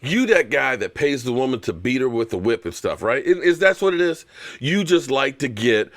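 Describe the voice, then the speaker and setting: A man hosting a live fan stream, ranting in an animated, sarcastic way with lots of repeated phrases. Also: medium pitch, moderate pace. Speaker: sports channel host.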